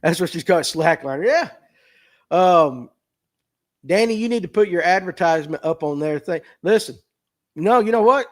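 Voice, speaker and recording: A man with a Southern US accent, chatting and joking through a fishing livestream. His voice sits a bit high for a man, and he answers viewer comments in a folksy, self-mocking way. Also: expressive, moderate pace, pauses often. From Southern United States. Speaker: livestream podcast host. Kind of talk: casual livestream chat reading viewer comments. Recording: phone mic.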